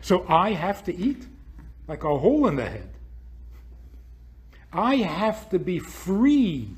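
A man's voice: high-pitched, very animated, slow pace. A man hosting a podcast, giving a spiritual talk full of rhetorical questions. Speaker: podcast host.

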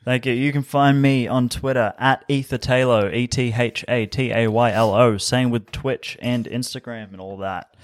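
A man's voice: mid-range voice, fairly even intonation, moderate pace, few pauses, no room sound, clean studio sound. A man joining a podcast as a guest, making wry jokes in casual chat. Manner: wry, joking.

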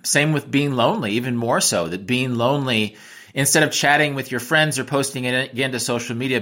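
A man's voice: medium pitch, sharp tone. An American man, a travel writer and teacher, giving reflective interview answers with frequent restarts. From United States.

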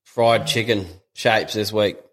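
An Australian man co-hosting a podcast, firing off blunt quick quips in casual banter. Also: lowish voice, fairly even intonation, a bit bright. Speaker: podcast co-host.

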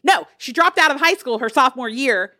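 A woman co-hosting a casual pop culture podcast, telling stories in an emphatic, animated way. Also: high voice, fairly quick, no echo, clean studio sound. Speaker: podcast co-host.

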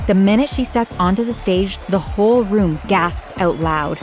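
Expressive woman narrating a dramatic story. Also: medium pitch, moderate pace, music in the background. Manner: expressive, dramatic first-person telling. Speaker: narrator voicing a teenage girl.

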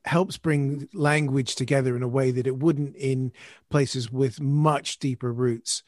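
A man hosting a discussion, speaking in a measured, thoughtful way. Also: medium pitch, steady tone, dry recording, studio quality. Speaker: host. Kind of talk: casual discussion.

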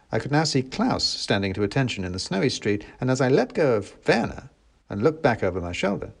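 A man reading a storybook aloud, animated and wry, acting out the dialogue. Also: on the low side, vocal fry, husky. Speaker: audiobook reader. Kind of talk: expressive storybook narration.

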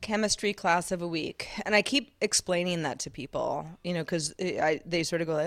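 Chatty low-voiced woman, dry sound. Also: fairly quick, hardly any pauses, dry recording. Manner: talkative, restarts often, light laughs. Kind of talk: casual chat.

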